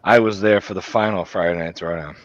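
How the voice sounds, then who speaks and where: A man's voice: low-pitched, steady tone, brisk, no echo. A man joining a live-streamed panel chat, sarcastic and profane in casual talk. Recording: dry, dull lo-fi mic.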